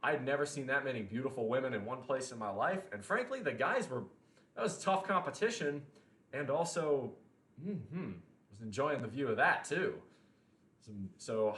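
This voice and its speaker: A man's voice: medium pitch, fairly bright tone. Chatty young man in a roomy space. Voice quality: rambling, chatty, with frequent restarts and casual swearing. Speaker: livestream host. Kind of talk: casual livestream chat, reading chat messages. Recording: roomy echo.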